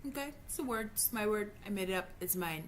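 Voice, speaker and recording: A woman's voice: medium pitch, lively intonation, quick pace, slight background noise. A woman in her thirties venting frankly in a personal vlog, heated and swearing freely, stumbling over her words when upset. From Jamaica. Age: 30s. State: upset and frustrated. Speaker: vlogger. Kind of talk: emotional personal vlog rant.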